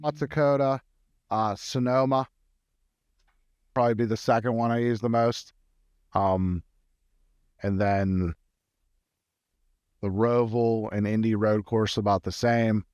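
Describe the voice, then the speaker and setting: A man with a smooth, clear voice breaks down betting angles on a casual podcast. He thinks aloud, restarting sentences as he goes. The recording is dry and close. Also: fairly low pitch, fairly even intonation, takes it slowly, pauses often, darkish tone, no echo, muffled recording. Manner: analytical, many fillers and restarts. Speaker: podcast co-host, betting analyst. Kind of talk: casual sports betting chat.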